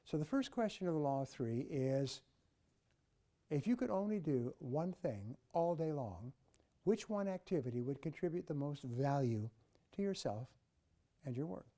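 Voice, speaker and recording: An older man tells motivational stories in an emphatic, animated way. His voice sits a little high but sounds mellow and warm. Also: moderate pace. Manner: emphatic, mimics office chatter with quacking. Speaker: speaker. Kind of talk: motivational storytelling.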